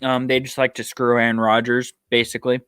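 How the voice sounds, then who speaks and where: A man's voice: mid-range voice, completely flat delivery, fairly quick, fairly bright tone, clean tone, no room sound, studio quality. A man hosting a solo sports podcast, a bit tired, rambling and thinking aloud with frequent ums. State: tired, yawning. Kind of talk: casual solo sports talk.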